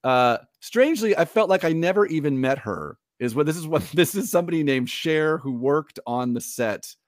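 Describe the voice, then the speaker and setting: A man's voice: a little high, lively intonation, moderate pace, no room sound, clean studio sound. A man co-hosting a podcast in casual chat, chatty and rambling, often laughing. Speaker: podcast co-host.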